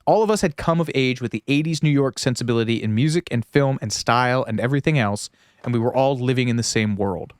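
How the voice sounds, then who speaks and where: A man's voice: mid-range voice, fast talker, no echo, clean studio sound. A man co-hosting a podcast in casual chat, rambling and riffing with lots of "like" and some swearing. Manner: laughs at his own jokes. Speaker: podcast co-host.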